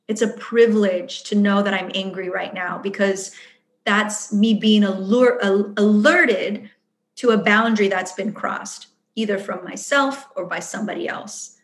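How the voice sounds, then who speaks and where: A woman leading a wellness workshop and answering questions in a chatty, earnest way. She acts out her inner voice as she speaks. Her voice sits at a middle pitch and rings in a roomy space. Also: steady tone, measured pace, fairly bright tone. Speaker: workshop facilitator. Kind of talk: answering audience questions at a live event. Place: event room.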